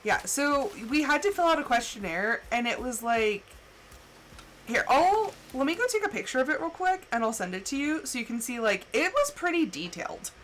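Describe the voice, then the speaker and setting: A woman livestreamer telling stories in casual chat, animated and full of fillers, acting out the people she quotes. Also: high-pitched, moderate pace, a little hiss or hum, rough recording. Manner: chatty and animated, full of "like" and laughs; acts out quoted people with jumps in voice. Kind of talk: casual storytelling chat during a game stream.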